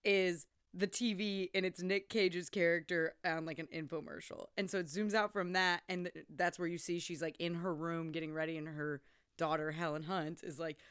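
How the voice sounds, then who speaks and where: A woman's voice: on the low side, steady tone, normal speed, a bit bright, clear, resonant tone, dry recording, studio quality. A woman co-hosting a casual film chat, giggling and recounting stories with casual swearing. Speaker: podcast co-host.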